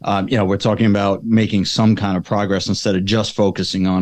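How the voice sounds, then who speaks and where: Brief: male host and youth coach, lowish voice, relaxed chatty delivery with filler words. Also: a little fast, dry recording. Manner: casual and chatty, fillers like "you know" and "um". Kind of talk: conversational podcast interview.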